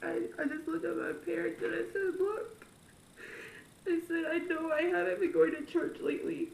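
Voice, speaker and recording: Tearful young woman with a high voice. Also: little pitch movement, fairly quick, gravelly. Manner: emotional, tearful storytelling. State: crying. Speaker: vlogger. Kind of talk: personal confessional vlog. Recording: echoey room with faint noise.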